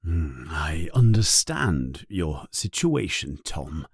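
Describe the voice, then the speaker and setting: A frail old wizard headmaster, voiced by a male narrator, talks in a weak, low, breathy voice full of hesitant fillers. His slow words swing widely in pitch. The recording is dry and close. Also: big pitch swings, no echo, full character voice. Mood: grave. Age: older. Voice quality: weak, quiet, breathy at times.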